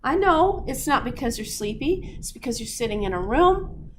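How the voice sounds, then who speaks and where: A woman's voice: sits high, normal speed. A woman lecturing on physiology to a live class, playful and teasing her students. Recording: room recording with steady background noise.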